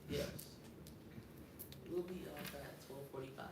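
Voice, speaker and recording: An assistant reading out viewer comments in quiet, offhand asides from off-mic. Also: medium pitch, fairly even intonation, measured pace. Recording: distant, echoey, very noisy.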